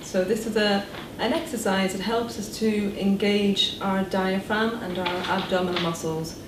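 Calm woman guiding breathing exercises. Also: mid-range voice, measured pace. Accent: British English. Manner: calm, step-by-step instructions. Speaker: speech and language therapist. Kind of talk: guided breathing exercise instruction. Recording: echoey room, voice from a distance, noise behind.

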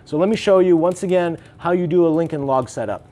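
A man's voice: a little high, brisk, warm tone, slight background noise. A man hosting a barbecue tutorial outdoors beside his smoker, coaching viewers in a confident, direct way. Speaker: barbecue channel host. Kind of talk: hands-on cooking tutorial.

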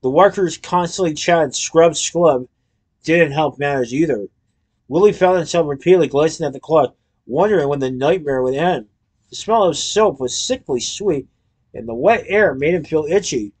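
A man reading a storybook aloud in a lively way, his voice sitting somewhat higher than most men's. He tells the tale briskly and clearly. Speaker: narrator.

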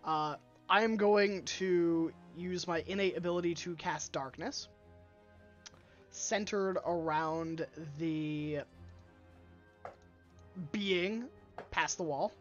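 A man's voice: a little high, slow pace, long pauses, soft background music. A man playing a tabletop game, thinking aloud and changing his mind mid-sentence. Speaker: player. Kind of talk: playing a tabletop game over a live stream. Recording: dull lo-fi mic.

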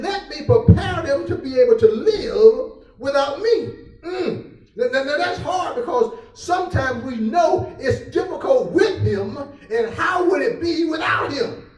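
A pastor, a man with a very high and lively voice, delivers a fervent, whooping sermon full of repetitions and sudden cries. He is heard from a distance in an echoey church sanctuary. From Southern US.

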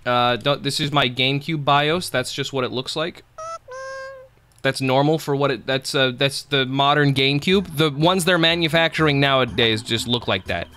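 A man's voice: medium pitch, normal speed, pushed and bright, slight background noise. A man streaming live gameplay, chatting casually in a rambling, profane, jokey way and thanking viewers.

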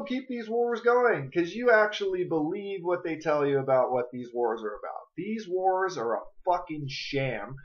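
A man's voice: on the high side, muffled recording. A man ranting angrily in a political vlog, cursing and confronting his viewers directly. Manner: angry, profane, confrontational, addresses viewers directly. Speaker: vlogger.

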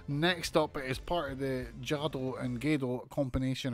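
A man commentating on a wrestling video game as he plays, excitable, swearing and shouting in disbelief. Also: medium pitch, normal speed, hardly any pauses, faint music behind. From United Kingdom. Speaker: gaming commentator.

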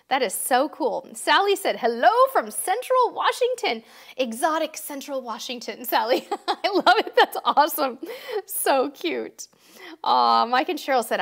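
Woman livestream host, fairly high voice, chatty and effusive, laughs a lot, reads viewer comments. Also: a bit bright. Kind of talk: casual live chat.

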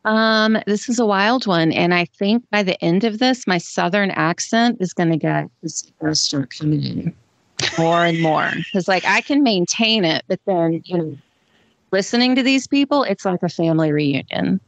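A woman's voice: lowish voice, moderate pace, dry recording. A woman co-hosting a casual podcast, chatting in a hesitant way full of ums and asides into a close mic. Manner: hesitant, chatty, many fillers. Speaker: podcast co-host.

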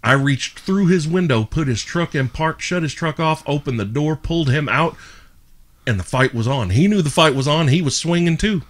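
A man hosting a podcast and telling stories in casual chat, animated and full of swearing. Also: a little high, normal speed. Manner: profane, animated storyteller. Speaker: podcast host.

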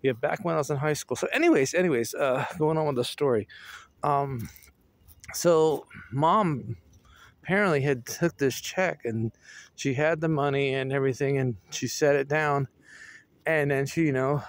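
A vlogger with a slightly high voice chats casually while walking his dog outdoors at home, rambling through a story with fillers and chuckles. It's recorded on a phone, with no echo.

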